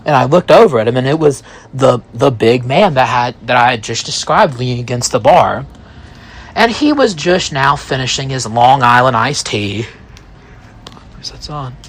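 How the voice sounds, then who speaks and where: A man in his thirties telling a first-person story, rambling and halting, full of asides. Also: mid-range voice, animated.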